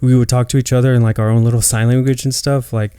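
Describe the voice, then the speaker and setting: A man in his late twenties chats on a podcast, wandering through family stories and cursing casually. His voice is smooth and resonant. The sound is dry and close to the mic. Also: medium pitch, flat delivery, quick pace, warm tone, no echo. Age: 20s. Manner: loose storytelling, swears freely. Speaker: podcast co-host. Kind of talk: casual chat.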